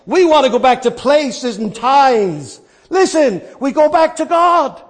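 Male preacher, very high voice, dynamic delivery, quiet to shouting, rhetorical questions. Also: animated, measured pace. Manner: asks and answers his own questions. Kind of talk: sermon.

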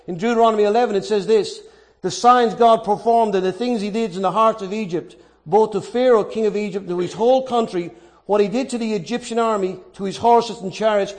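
Male pastor, middle-aged, very high voice, earnest sermon delivery that leans on key words. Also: a little mellow.

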